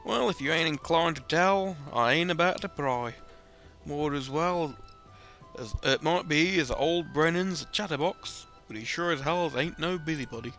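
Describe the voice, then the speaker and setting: A gruff, chatty sea-dog with a rough put-on seafaring accent, as a man reads the game lines in character. His drawl is folksy and bright-edged, with soft game music beneath. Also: a little high, moderate pace, pitched above the performer's own voice. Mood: wry. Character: gruff, chatty adult male sailor. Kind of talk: reading game dialogue aloud in character.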